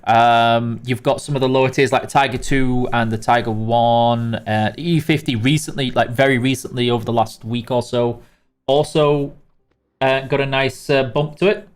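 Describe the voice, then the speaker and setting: A man's voice: mid-range voice, fairly even intonation, normal speed, clean tone. A British man hosting a live game stream, reading out chat names and walking new players through the basics in a chatty way, with many fillers and restarts.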